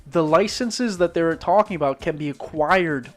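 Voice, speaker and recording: With faint music behind him, a fairly high-voiced man with a subdued Northern Irish accent talks at a moderate pace as he draws on stream. His skeptical rant rambles, full of cursing and false starts.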